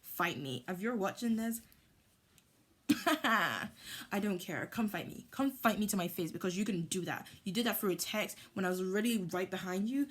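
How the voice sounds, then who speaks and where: A woman's voice: medium pitch, normal speed. Heated woman telling a story. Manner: animated, heated retelling with lots of "like". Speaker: vlogger. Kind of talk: storytime vlog.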